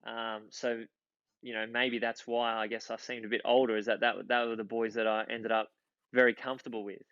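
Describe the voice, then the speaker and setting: A former footballer in his thirties, an Australian man, chats casually as a podcast guest, spinning rambling anecdotes with plenty of restarts. His medium-pitched voice is level and fairly bright, and he talks fairly quickly. The audio is dull with no echo.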